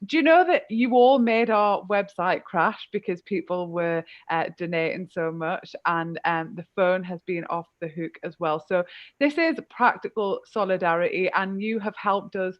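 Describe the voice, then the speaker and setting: A woman's voice: fairly low pitch, normal speed, dry recording, muffled recording. A woman hosting a live online fundraiser, self-deprecating and grateful. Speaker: host. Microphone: video call.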